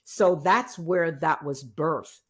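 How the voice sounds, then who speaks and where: A woman from Jamaica, a resilience coach, answering interview questions in an earnest, measured way. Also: deep voice. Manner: earnest, measured, faith-filled speech.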